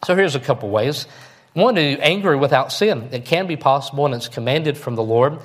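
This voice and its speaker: Briskly and with lively intonation, a medium-pitched pastor preaches conversationally and folksily. Frequent "all right?" check-ins keep his listeners engaged.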